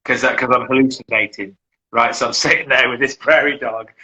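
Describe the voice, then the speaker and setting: Middle-aged english guy, survival instructor type, rambles a lot, bright forward voice. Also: mid-range voice, steady tone, brisk, low-quality recording. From England. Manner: rambling, repeats words and restarts often. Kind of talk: casual interview chat.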